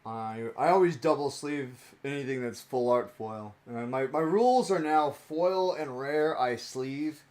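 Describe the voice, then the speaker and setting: A man's voice: medium pitch, measured pace, few pauses, darkish tone. A young man chatting casually on a stream while opening trading cards, rambling and playful and laughing often.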